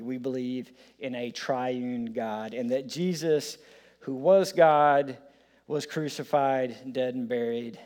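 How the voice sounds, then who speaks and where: A man's voice: on the high side, darkish tone. A man preaching a sermon in a conversational way, with frequent fillers and restarts. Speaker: pastor.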